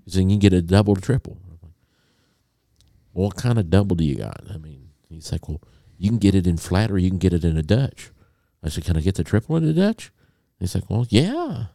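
Low gravelly man telling a story. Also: brisk, no echo, studio quality. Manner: animated storyteller, acts out a phone call. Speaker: podcast co-host. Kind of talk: casual storytelling chat.

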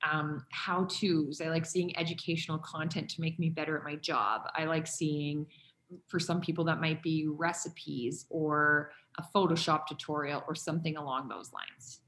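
A woman's voice: low voice, steady tone, normal speed, few pauses, fairly bright tone. A woman hosting a casual interview, speaking in an encouraging, affirming way. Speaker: host.

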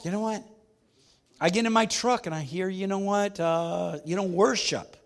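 A man with a notably high voice preaches a church sermon, emphatic and full of back-and-forth with the room. He calls out questions and drives his points home with repetition. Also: moderate pace, creaky. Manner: emphatic call-and-response preaching with the congregation. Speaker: pastor.

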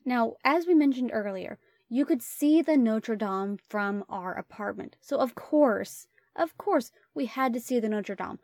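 A woman's voice: fairly high pitch, lively intonation, unhurried, few pauses, darkish tone, soft background music. A woman co-hosting a travel talk, earnest and direct with listeners, calling them guys. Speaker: travel vlog co-host. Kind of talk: casual travel chat.

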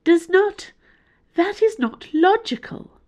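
A nervous male house AI stumbles over its own logic, his voice pitched high and pushed loud, as a woman reads him. He halts and restarts. The tone is that of an audiobook serial. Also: lively intonation, heavily acted. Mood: distressed. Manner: distressed, halting.

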